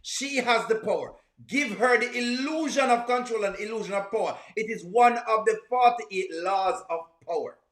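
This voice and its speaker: A man's voice: sits high, moderate pace, hardly any pauses, a bit bright, reverberant. A man hosting a comedic reaction video, preachy and teasing, with punchy exclamations.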